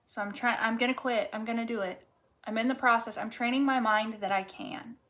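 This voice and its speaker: A woman with a slightly high voice reading tarot cards in a casual, off-the-cuff way. She is blunt and swears freely, talking straight to the viewer. She drives her points home by repeating them. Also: sharp tone. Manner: candid and profane, talks straight to the viewer; emphatic and repetitive when making a point. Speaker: tarot reader.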